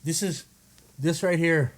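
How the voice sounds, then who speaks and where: Guy from hawaii co-hosting a podcast, kinda high voice, jokes around and does little voices. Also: a little slow. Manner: joking, laughs often, acts out quoted lines. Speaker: podcast co-host. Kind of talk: casual chat.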